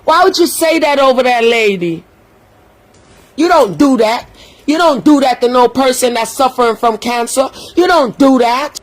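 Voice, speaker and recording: A woman's voice: sits high, expressive, normal speed. Woman, livestream rant, heated, cursing, scolding. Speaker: social media commentator.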